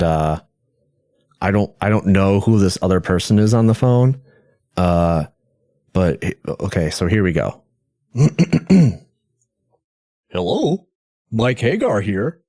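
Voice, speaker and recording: A man's voice: low voice, unhurried, dark tone, no echo, clean studio sound. A man hosting a game podcast, talking casually with wry, self-deprecating asides. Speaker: podcast host. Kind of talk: casual commentary.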